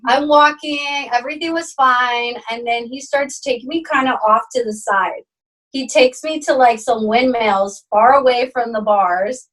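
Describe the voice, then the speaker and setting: A young woman telling a story to her friends, fairly high-pitched and recorded a little away from the mic. She swears freely and acts out what everyone said, jumping way up in pitch at the wild moments. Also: a little slow, distant mic, low-quality recording. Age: young adult. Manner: animated, swearing, acts out quotes with big pitch jumps. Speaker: podcast co-host. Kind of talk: casual storytelling chat.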